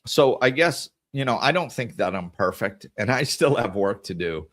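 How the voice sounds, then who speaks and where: A middle-aged podcast host gives an earnest, reflective monologue on scripture and the inner life, often repeating and correcting his words. His medium-pitched voice is animated and a bit bright, at a moderate pace.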